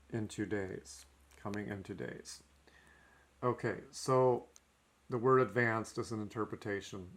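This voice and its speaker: A man giving a recorded language lesson, working through notes methodically and marking each step with "okay". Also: lowish voice. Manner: methodical, frequent "okay" between points. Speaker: teacher.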